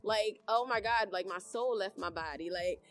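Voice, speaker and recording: A woman's voice: medium pitch, moderate pace, faint music behind. A woman co-hosting a podcast, telling stories and explaining in a casual, slangy way with frequent laughter. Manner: animated, laughs often, slangy. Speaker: podcast co-host. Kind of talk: casual chat, storytelling.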